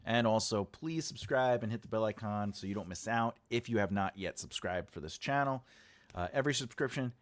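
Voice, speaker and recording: An American author hosts his own channel, rambling casually to viewers in a casual livestream chat and repeating his phrases. His voice is fairly low and his pace brisk.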